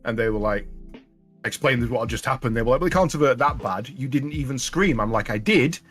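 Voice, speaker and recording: A man's voice: mid-range voice, quick pace, a bit bright, faint music behind. A man with a mid-range voice co-hosts a gaming podcast, chatting casually. He rambles through stories in a self-mocking way and chuckles at his own blunders. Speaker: podcast co-host. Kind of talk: casual chat.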